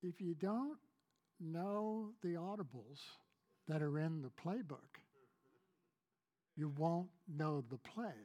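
A man from Kentucky preaching a sermon as pastor, asking the congregation questions and swinging between loud emphasis and soft, hushed lines. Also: on the high side.

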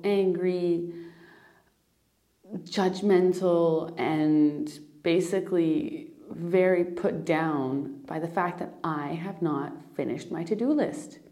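Young woman host, lowish warm voice, raw and confessional delivery. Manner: emotional, confessional, frequent swearing and restarts. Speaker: podcast host. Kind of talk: candid personal monologue.

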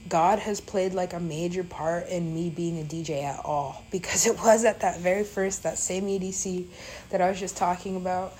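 A woman's voice: lowish voice, fairly even intonation, normal speed, darkish tone, slight background noise, poor audio. A woman DJ telling a story in a casual, rambling way, full of fillers and swearing.

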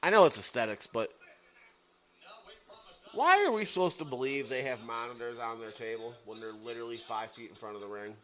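A man's voice: mid-range voice, animated, a little fast, a bit bright. A man co-hosting a podcast, heckling a wrestling broadcast with casual, profane, sarcastic put-downs. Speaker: podcast co-host. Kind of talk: casual profane watch-along commentary.

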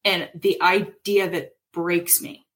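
A woman's voice: lowish voice, takes it slowly. A woman in her thirties or forties co-hosting a casual true-crime podcast, retelling events and acting out quotes with animation. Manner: animated storytelling, acts out quotes. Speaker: podcast co-host.

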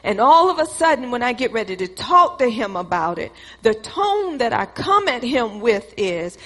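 A woman's voice: on the high side, sing-song, moderate pace, few pauses, a bit bright. A woman preaching a sermon, who acts out both sides of an argument in a repetitive preacherly cadence. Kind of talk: sermon with acted-out dialogue. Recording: long hall reverb.

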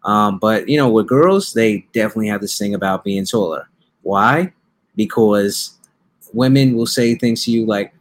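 A man's voice: lowish voice, normal speed. Rambling, jokey male podcast host. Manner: jokey, meandering. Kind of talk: casual chat.

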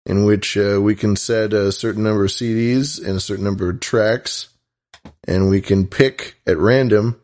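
Low-voiced man co-hosting a podcast. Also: steady tone, moderate pace. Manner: joking, reads listener shout-outs. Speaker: podcast co-host. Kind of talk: casual podcast chat.

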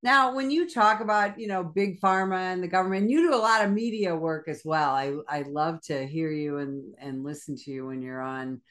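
Low-voiced woman host asking questions. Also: moderate pace, hardly any pauses, fairly bright tone. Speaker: podcast host and police wellness instructor. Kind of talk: interview hosting.

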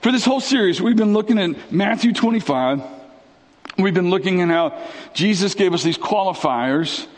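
A male pastor preaching a sermon in a conversational, dramatic way, sweeping up and down in pitch and dropping in slang. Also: animated, moderate pace, big-room sound.

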